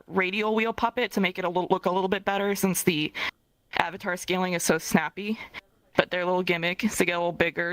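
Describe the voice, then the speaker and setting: A woman's voice: on the low side, fairly bright tone, no room sound, rough recording. A woman casually showing off an avatar she made, chatty, with many fillers and a fond way of talking about it. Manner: chatty, full of fillers, fond of the word little. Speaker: avatar creator showing her work. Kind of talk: casual show-and-tell.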